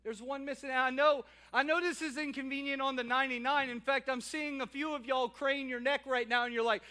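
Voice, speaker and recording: A man preaching a sermon as pastor of his church, animated and moving between loud calls and quiet asides. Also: extremely high pitch, a little fast. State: out of breath at times. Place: church sanctuary.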